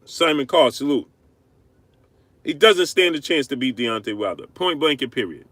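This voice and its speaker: A man hosting a live-stream boxing rant, arguing hard, repeating himself and shouting out viewers. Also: medium pitch, moderate pace, no echo. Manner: animated, repetitive, argumentative, shouting out viewers. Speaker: livestream host.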